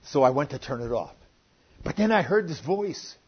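Earnest older preacher, muffled lo-fi sound. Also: male voice, a little high, very animated, normal speed, husky. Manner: earnest, plainspoken preaching with sudden rises in loudness. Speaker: pastor. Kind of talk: sermon. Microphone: online sermon recording. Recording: muffled lo-fi recording.

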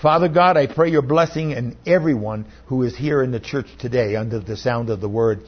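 A man's voice: mid-range voice, husky, dull audio. A man, a pastor, reading scripture aloud in a church service and leading prayer, lifting and stressing the quoted words. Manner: reads slowly, lifting and stressing quoted lines.

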